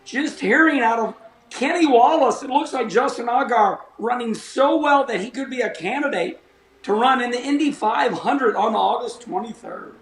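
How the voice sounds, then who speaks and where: A man putting on a grand race announcer, formal delivery, very high voice, echoey room. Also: moderate pace, fairly bright tone. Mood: grandiose.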